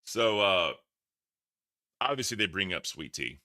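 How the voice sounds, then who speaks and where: A man's voice: low-pitched, sing-song, measured pace, sharp tone, no room sound, studio quality. A man reacting to clips for his stream chat in casual, profane commentary. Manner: profane, laughing, talks to chat.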